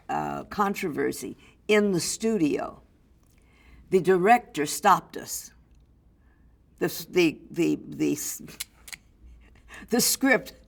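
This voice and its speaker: A woman's voice: on the low side, gravelly. An older woman, an actress, telling a backstage story in an interview and acting out the people in it. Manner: lively storyteller, acts out others' voices. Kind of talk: anecdotal storytelling.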